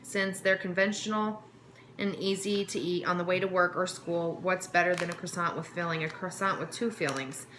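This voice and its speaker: A woman's voice: fairly low pitch, fairly even intonation, moderate pace, background noise. A woman vlogger tasting snacks on camera, casually reading card text aloud and stumbling over words. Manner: stumbles over words while reading, talks with mouth full. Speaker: vlogger reviewing a snack box.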